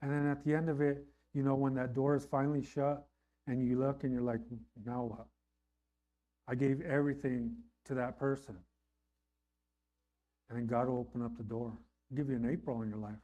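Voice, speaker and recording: A man's voice: medium pitch, level tone, fairly quick, warm tone, highs cut off. A man preaching a sermon in an earnest, conversational way, often checking in with his listeners. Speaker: pastor.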